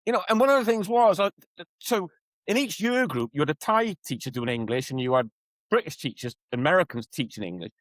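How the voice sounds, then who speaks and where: Animated storytelling man, lively pitch. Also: brisk, dry recording, low-quality recording. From Wales. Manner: animated storyteller, acts out quoted voices. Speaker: guest, educator and coach. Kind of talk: conversational podcast interview.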